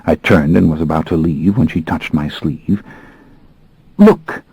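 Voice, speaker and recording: A man narrating an audiobook in the first person, with a brooding, measured delivery and expressive pacing. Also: rumbling low, husky, dry recording, muffled recording.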